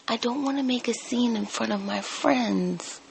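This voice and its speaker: A woman speaks in hushed, pleading whispers, trying to calm an angry partner. Her somewhat high voice carries a gravelly edge, and she keeps it low so others won't overhear. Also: a little slow, a little hiss or hum, poor audio.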